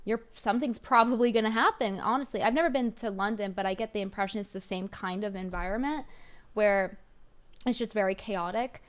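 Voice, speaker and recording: A woman's voice: mid-range voice, brisk. A woman streamer giving wry commentary and explanations while reacting to a clip. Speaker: streamer host.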